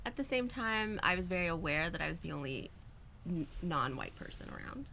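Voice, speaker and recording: A woman's voice: on the low side, very animated, brisk, gravelly, crowd noise. A woman comedian from Quebec, chatting as a guest on a podcast with a wry manner. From Quebec, Canada. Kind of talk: casual podcast chat.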